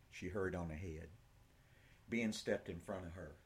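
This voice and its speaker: A man reading an audiobook in slow, measured scripted narration. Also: sits low, husky.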